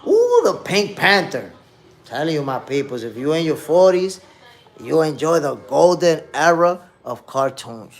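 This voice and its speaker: Man in his fifties, live-stream host, slangy casual chat, fairly high voice. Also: a little slow. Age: 50s. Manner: animated, slangy, reading chat and reminiscing. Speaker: boxing podcast host.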